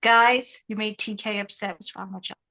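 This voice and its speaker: A woman's voice: mid-range voice, steady tone, normal speed, bright, forceful tone, rough recording. A young woman hosting a casual live stream, joking and reading the chat aloud while half of her mouth is still numb from dental surgery. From South Africa.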